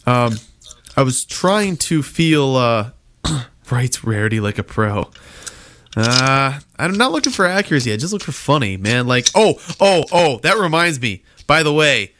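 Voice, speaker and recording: A man's voice: mid-range voice, sing-song, a little slow, background noise. A young man hosting a casual online comedy show, rambling and stammering, laughing often. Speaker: host.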